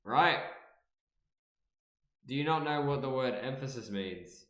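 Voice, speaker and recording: A man's voice: mid-range voice, expressive, slow pace, a bit bright, reverberant. A man streaming live and reacting casually, playful, repeating words over and over and swearing freely.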